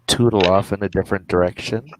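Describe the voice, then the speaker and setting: A man's voice: deep voice, steady tone, quick pace, background noise. A man playing in a tabletop role-playing game, hesitantly thinking aloud about his next move. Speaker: player. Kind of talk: tabletop role-play, casual chat.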